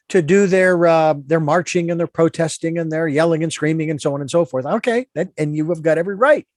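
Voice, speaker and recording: A man's voice: on the high side, brisk, dry recording, studio quality. A man hosting a radio interview show, talking in an earnest, meandering, moralizing way. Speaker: radio talk show host.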